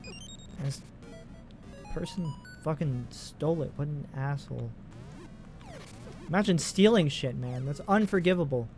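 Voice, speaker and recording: A man's voice: a little high, takes it slowly, long pauses, darkish tone, soft background music. A man in his twenties giving casual, profane, rambling commentary while playing a video game. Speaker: let's play host.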